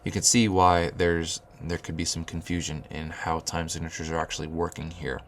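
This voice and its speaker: A man's voice: sits low, flat delivery, moderate pace, a little hiss or hum. A man teaching rhythmic solfege, explaining note beams and chanting counting syllables, often restarting his phrases. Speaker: music teacher.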